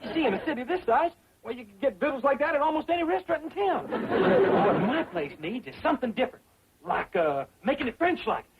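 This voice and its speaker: An actor playing an eager, dim-witted young hillbilly man with a boastful drawl, in a muffled old sitcom recording with a loud laugh track. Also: very high voice, big pitch swings, a little fast, crowd noise, noisy background, exaggerated voice. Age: young adult.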